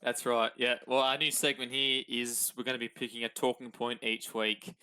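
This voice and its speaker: Young Aussie co-host, easygoing and rambling, smooth resonant tone. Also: male voice, mid-range voice, flat delivery, moderate pace, pushed and bright, low-quality recording. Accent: Australian. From Australia. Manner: laid-back, rambling with fillers. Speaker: podcast co-host. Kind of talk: casual sports podcast chat.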